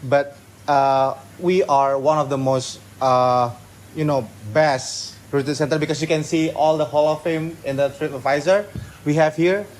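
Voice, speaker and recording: A man from Indonesia with an Indonesian accent, a retreat staff member being interviewed casually, talking quickly with frequent restarts, recorded on a phone nearby. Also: a little high, steady tone, a little hiss or hum, low-quality recording. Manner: fast-talking, hesitant restarts. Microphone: phone held nearby.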